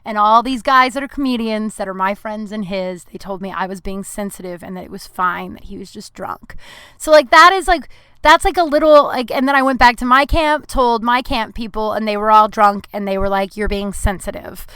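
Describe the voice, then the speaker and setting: A woman's voice: mid-range voice, fairly quick, sharp tone, smooth, dry recording. A woman hosting her own podcast, telling stories in a rambling, frank, casual way with plenty of fillers and swearing. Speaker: podcast host. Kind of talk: casual solo podcast storytelling.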